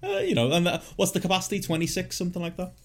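A man's voice: sits high, wildly swooping pitch, very fast, vocal fry, a little hiss or hum. A man co-hosting a casual podcast, steering topics and asking questions. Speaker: podcast co-host. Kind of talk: casual chat.

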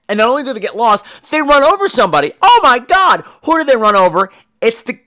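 Male podcast host, high voice that swings all over, wisecracking film reviewer. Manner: animated, jokey and profane. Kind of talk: casual film review monologue.

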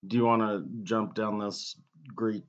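A man's voice: on the low side, steady tone, measured pace. A man co-hosting a podcast, chatting casually and swearing often. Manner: laid-back, swears often. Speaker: podcast co-host. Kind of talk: casual profane chat. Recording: muffled lo-fi podcast audio.

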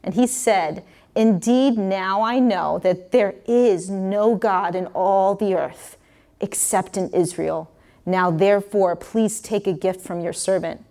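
A woman's voice: mid-range voice, slow, mellow. A woman preacher reading a scripture passage aloud and explaining it in a casual, conversational way with frequent restarts.

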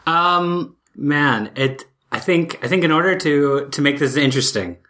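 This is a player in a tabletop role-playing game, talking at a mid-range pitch. The delivery is animated and chatty, with quick reactions as each scene unfolds.

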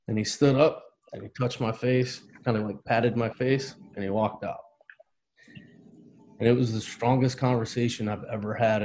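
A man's voice: on the low side, a little mellow, slight background noise, rough recording. A man in his thirties telling an emotional personal story in a casual conversation, earnest and heartfelt. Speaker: podcast guest.

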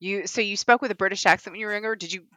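A woman's voice: medium pitch, very fast, sharp tone, no echo. A woman with a Kentucky accent, a podcast guest in casual chat who laughs often and swears freely.

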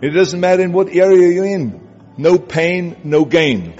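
With music playing behind him in an echoey, dull-sounding hall, a German-accented motivational speaker drives his points home through repetition. He speaks emphatically in a high, darkish voice that's animated yet measured in pace.

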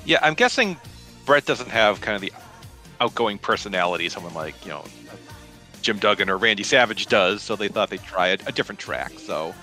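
A man's voice: on the low side, animated, brisk, bright, forceful tone, soft background music. A man co-hosting a podcast, talking casually in a wry, incredulous way and laughing often. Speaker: podcast co-host. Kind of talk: casual review chat.

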